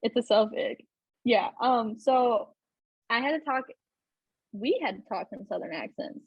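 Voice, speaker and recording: A woman's voice: fairly high pitch, unhurried, breathy edge, no echo, dull audio. A young woman hosting a podcast in casual chat, talking chattily with many fillers and laughs. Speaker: podcast host.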